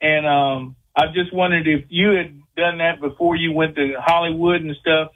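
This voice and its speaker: A man with a Louisiana accent calls in over a tinny phone line. His voice sits high for a man, and he talks in a folksy, rambling way. He is a caller putting questions to the guests. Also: fairly even intonation, moderate pace. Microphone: telephone.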